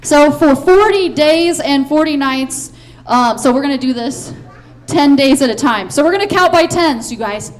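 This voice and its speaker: A high, lively woman runs a children's Bible play from the front of a church. Her talk is upbeat and playful, full of quick cheers and stage cues for the kids. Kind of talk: directing a children's Bible skit.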